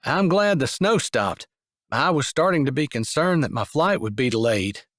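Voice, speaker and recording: A man reading an audiobook puts on a joking, dramatic younger brother, pitched up above his own voice and lively in its swings. The sound is close and dry, with no room around it. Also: moderate pace, dry recording. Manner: joking, smirking. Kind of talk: audiobook character voice.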